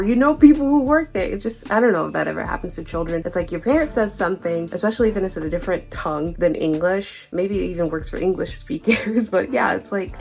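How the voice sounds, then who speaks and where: Woman, bubbly and chatty, lowish pitch, casual vlog talk, faint music behind. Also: gravelly. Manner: bubbly, chatty, lots of fillers. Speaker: booktuber. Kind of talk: casual chat. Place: her apartment.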